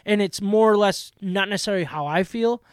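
A football podcast co-host with a notably high voice chats casually about the sport, excitable, quick to laugh, and often restarting his sentences. He sounds close and dry with a clean tone and no room sound around him.

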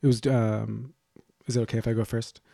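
A man with a gravelly, fry-laden voice chats loosely on a podcast, joking and wandering between asides. He sits close to the mic in a dry, dead room, his pitch sitting in the middle. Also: level tone, mellow, no room sound. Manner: rambling, jokey, quick asides. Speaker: podcast co-host. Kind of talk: casual chat.

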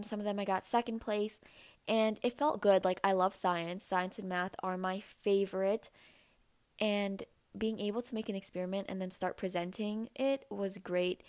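A young woman hosting a podcast, telling a personal story in a casual, chatty way, full of "like" fillers. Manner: chatty, many "like" fillers, acts out quoted voices in a higher pitch. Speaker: podcast host.

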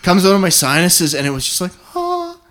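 A man from Canada telling hunting stories in casual talk, animated and swearing, acting out what people said. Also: on the high side, fast. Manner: animated, swearing, acts out quotes. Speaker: guest hunter. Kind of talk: casual storytelling.

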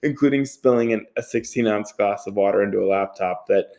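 A man in his thirties with a fairly low voice hosts a podcast solo. He rambles through a casual story, full of "like", swearing and laughing along the way. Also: fairly quick, gravelly, a little mellow. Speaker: podcast host.

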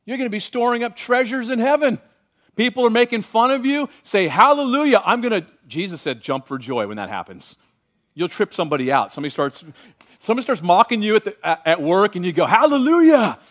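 A man preaching a sermon as pastor, animated and varied, slowing down when he reads scripture aloud. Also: sits high.

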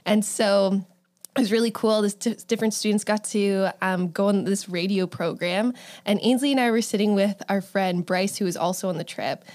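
A woman's voice: medium pitch, fairly even intonation, normal speed, a little mellow. A woman co-hosting a podcast in casual chat, telling stories in an easygoing, hesitant way. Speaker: podcast co-host.

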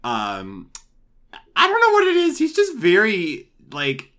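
A man chats casually on a podcast, animated and quick to laugh. His voice is bright and forward. His pitch swings widely as he talks. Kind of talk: casual chat.

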